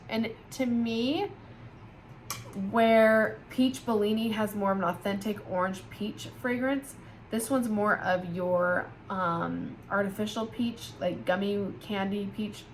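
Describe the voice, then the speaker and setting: Speaking slowly in a mid-range voice, a tired woman yawns her way through a casual vlog reviewing scented candles, gushing enthusiastically to her viewers. A little hiss or hum can be heard.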